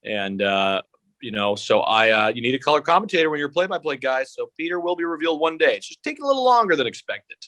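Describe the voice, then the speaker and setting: A man's voice: a little high, sing-song, fast talker, a bit bright, no room sound. Profane, rambling man on a video call. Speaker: guest, sportscaster-style comedian. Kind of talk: casual interview over video call.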